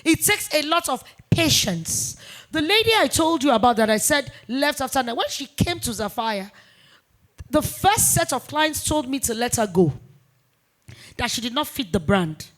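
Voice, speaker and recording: A woman in her forties, a business founder talking in a fireside chat interview, emphatic and animated, repeating points for weight. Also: high voice, normal speed. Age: 40s. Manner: emphatic, animated storytelling with repetitions.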